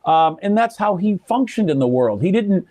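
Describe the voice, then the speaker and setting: A man's voice: high-pitched, normal speed, no echo, clean studio sound. An older man, a radio personality, telling stories in casual conversation and acting out the people he quotes. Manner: animated storyteller, acts out quoted people.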